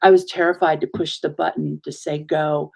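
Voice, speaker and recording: Gravelly-voiced woman, halting and heartfelt. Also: low-pitched, flat delivery, darkish tone. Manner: halting, searching for words, emotional. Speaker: minister and show host. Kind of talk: casual heartfelt conversation.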